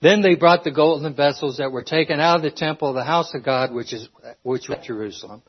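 A man's voice: on the high side, brisk, a little hiss or hum. A man preaching a sermon, earnest, stopping and restarting as he reads scripture, a little out of breath. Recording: dull lo-fi recording.

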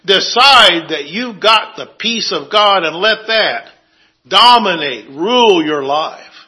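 A man preaching an earnest sermon, walking through scripture verse by verse. His voice sits high and sounds very bright. He speaks slowly and sometimes drops to a hush for emphasis. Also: animated, low-quality recording.

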